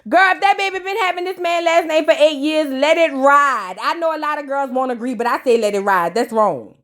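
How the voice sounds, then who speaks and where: Woman, sassy, joking, casual recap, fairly high voice. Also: fairly quick, a bit bright. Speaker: reaction show host.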